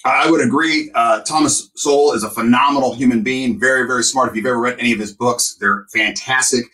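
A man co-hosting a relaxed podcast, telling stories with lively emphasis in a mid-range voice. His voice sounds a little distant from the mic. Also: mid-range voice, a little fast. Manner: animated storyteller, emphatic. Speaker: co-host. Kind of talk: casual podcast chat.

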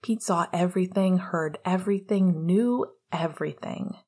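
Woman reading a story chapter, husky lowish voice, steady measured pace. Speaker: narrator. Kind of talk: audiobook reading of fan fiction.

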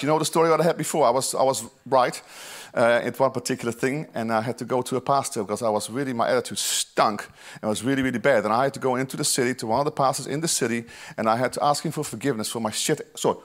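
A pastor preaching a sermon, reading scripture with emphasis, mixing quiet asides with loud, drawn-out lines and chatty "you know"s. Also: male voice, medium pitch. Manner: reads scripture aloud with emphasis.

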